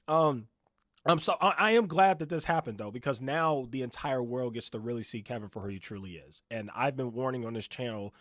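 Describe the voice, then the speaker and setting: A man giving reaction commentary, animated and mocking, swinging from loud outbursts to low muttering. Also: no room sound, studio quality. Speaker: commentary YouTuber.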